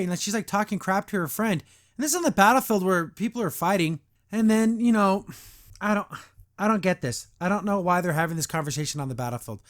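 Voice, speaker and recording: A man's voice: high voice, animated, moderate pace, a bit bright. A man hosting a podcast, giving a casual review with exasperated, sarcastic commentary full of "like" fillers. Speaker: podcast host reviewing a cartoon.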